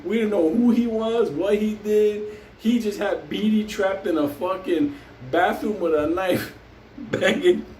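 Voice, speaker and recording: A man's voice: high voice, measured pace, a little mellow, distant mic, a little hiss or hum. Profane laughing New man storyteller. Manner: profane, laughs through the story, acts out quoted voices. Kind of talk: casual storytelling. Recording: roomy, off-mic with faint ambience.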